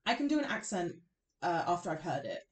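A woman co-hosting a podcast, chatting casually with relaxed, dry interjections. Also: lowish voice, brisk. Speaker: podcast co-host. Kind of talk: casual chat. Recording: roomy, distant mic.

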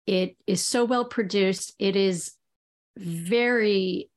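A woman co-hosting a podcast, speaking casually with quick restarts at the start of her sentences. Her pitch sits in the middle of the usual range.

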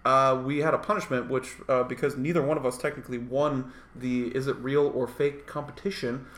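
A man's voice: medium pitch, fairly even intonation, brisk, a bit bright, echoey room. A man co-hosting a podcast in casual chat, rambling and joking and swearing freely. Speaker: podcast co-host.

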